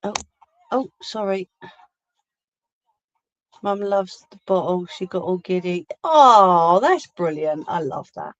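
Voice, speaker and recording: Speaking slowly with long pauses, a woman with a fairly low, darkish voice chats through a crafting livestream indoors at home, replying to viewer comments. The sound, picked up by a phone or webcam, is muffled.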